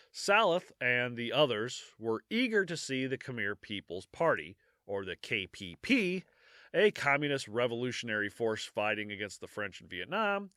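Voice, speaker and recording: A man's voice: medium pitch, bright, forceful tone, no echo, studio quality. A man hosting a history podcast, reading from notes and breaking off for jokey asides with frequent laughter, maybe. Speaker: podcast host.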